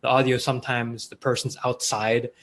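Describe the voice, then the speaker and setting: A man's voice: mid-range voice, little pitch movement, moderate pace, fairly bright tone. A man with a Filipino accent hosting a casual live-stream Q&A, reading viewer comments aloud in a loose, chatty way with fillers and restarts. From Philippines. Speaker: host of a live online Q&A.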